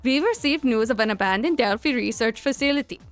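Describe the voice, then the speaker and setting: A woman's voice: fairly high pitch, expressive, clean tone, soft background music, close to an everyday voice. Woman putting on an accent for a grave briefing official. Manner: put-on accent, slow formal reading.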